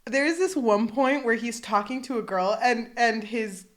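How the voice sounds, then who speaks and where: An animated woman co-hosting a casual book chat, her voice pitched a little high. She breaks into the characters' lines as she retells scenes. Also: normal speed. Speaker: podcast co-host.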